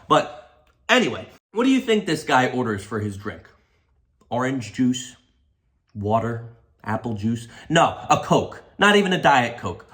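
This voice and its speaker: A young man telling a comedic storytime rant in an animated, exaggerated, mocking way. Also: medium pitch. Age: young adult. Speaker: comedy YouTuber.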